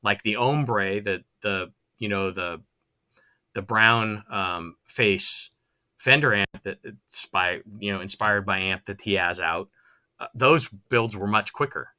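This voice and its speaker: A man's voice: on the low side, slow pace, bright, forceful tone. A man who used to build guitars, chatting casually and restarting his sentences. He recalls shop work with short chuckles between thoughts. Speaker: guest, former guitar builder. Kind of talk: casual conversation.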